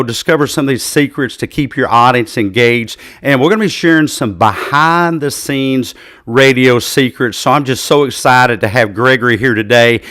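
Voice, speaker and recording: A man's voice: medium pitch, fairly bright tone, no echo, studio quality. A man hosting a live interview show on a video call, upbeat and enthusiastic. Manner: upbeat and enthusiastic, with some fillers. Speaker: podcast host.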